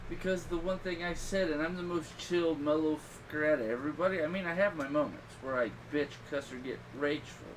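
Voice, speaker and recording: A man's voice: on the high side, a little fast, few pauses. Crude laid-back guy, distant and hissy. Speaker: podcast co-host. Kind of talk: casual chat. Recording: distant mic with background hiss.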